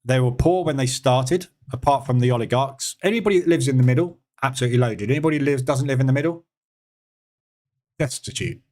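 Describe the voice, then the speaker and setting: A man's voice: mid-range voice, fast, a little mellow. A man with a British accent hosting a live trading room, chatting casually and sarcastically while answering viewer comments. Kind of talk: casual live-stream chat.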